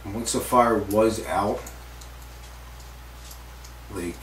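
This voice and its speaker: A man's voice: on the low side, extremely slow, a bit bright. A man telling a story in an interview, rambling and swearing freely, with lots of fillers. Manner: rambling, profane, full of fillers like "like" and "you know". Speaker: interviewee recounting a stunt accident. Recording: roomy echo, distant mic, faint background noise.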